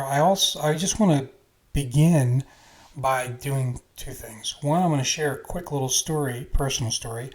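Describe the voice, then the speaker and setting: A man hosts a casual podcast and tells a personal story. He talks in a loose, chatty way at a middle pitch. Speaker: podcast host.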